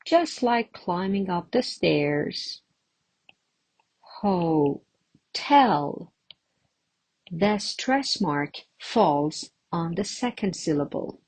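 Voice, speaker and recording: A woman's voice: fairly low pitch, lively intonation, slow pace, few pauses. A woman teaching English pronunciation to camera, patiently asking the viewers questions and answering them herself.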